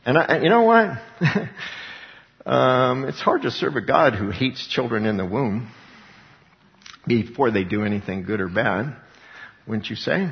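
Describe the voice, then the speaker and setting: A man preaching a sermon to a congregation, reading scripture aloud and breaking off into lively asides. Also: medium pitch, creaky. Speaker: pastor. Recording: dull sound with long reverb in a large room.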